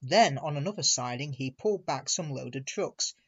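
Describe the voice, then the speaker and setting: A man's voice: a little high, breathy edge, muffled recording. Man reading a storybook aloud. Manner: measured, expressive. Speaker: reader. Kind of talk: storybook narration.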